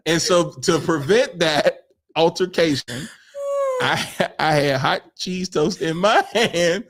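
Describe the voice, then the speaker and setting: A man co-hosting a podcast, telling a story in casual chat, animated, acting out quotes and laughing often. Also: on the high side, a little slow. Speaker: podcast co-host.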